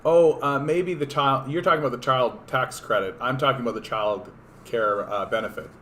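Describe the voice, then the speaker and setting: A man talks politics on a casual livestream in a hoarse, worn voice. His pitch sits in the middle range, and his delivery wanders, full of sarcasm and the odd curse. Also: moderate pace, pushed and bright, slight background noise. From Canada. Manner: sarcastic, rambling, profane. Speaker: political streamer.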